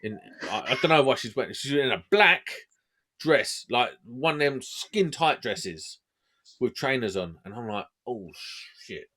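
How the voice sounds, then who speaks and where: A man's voice: medium pitch, animated, moderate pace, pushed and bright. A man hosting a podcast, telling stories in casual, laddish banter. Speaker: podcast host. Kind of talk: casual storytelling chat.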